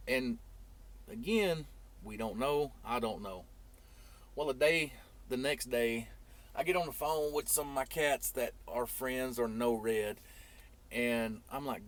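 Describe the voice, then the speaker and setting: A man telling a long story casually in a vlog, rambling, and getting animated when he quotes others. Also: medium pitch, a little slow. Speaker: trucking YouTuber.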